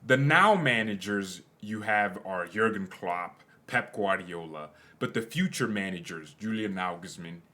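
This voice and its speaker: A young man hosts a fan channel in loose, casual football commentary. His voice sits fairly low, and he rambles, jokes and corrects himself as he goes. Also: animated, a little slow, hardly any pauses, bright, forceful tone. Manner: rambling, self-correcting, jokey.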